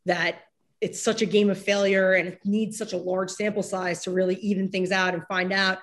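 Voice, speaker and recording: A woman co-hosting a casual sports podcast, animated and blunt with her opinions. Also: medium pitch, normal speed. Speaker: podcast co-host.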